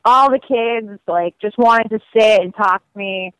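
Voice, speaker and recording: A woman guest telling stories in a casual, lively way, full of "like" and acted quotes. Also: mid-range voice, moderate pace, few pauses, clean tone, no room sound, rough recording. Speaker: guest describing her cross-country walk. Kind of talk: casual storytelling.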